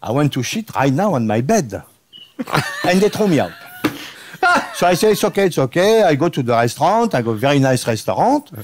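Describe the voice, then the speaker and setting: Guest impressionist: French-accented man spinning a comic tale in broken English, playful, laughing at his own jokes; slightly high, very animated pitch. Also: moderate pace, background noise.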